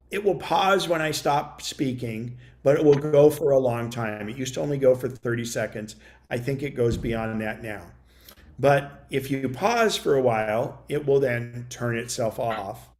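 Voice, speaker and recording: A middle-aged man teaching a computer class, chatting casually and dictating punctuation aloud during a demo. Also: mid-range voice. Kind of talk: demonstrating voice dictation.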